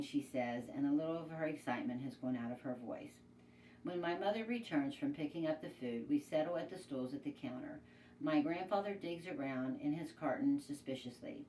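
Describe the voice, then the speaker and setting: A woman, a teacher, reading a children's novel aloud in a plain, steady storytelling way. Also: low-pitched, moderate pace, far from the mic. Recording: echoey room, away from mic, faint noise.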